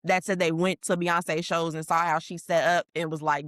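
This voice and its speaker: A woman's voice: lowish voice, flat delivery, moderate pace, a bit bright, no echo, studio quality. A young adult woman co-hosting a podcast, talking candidly in a rambling, casual way full of fillers. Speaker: podcast co-host. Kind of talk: casual chat.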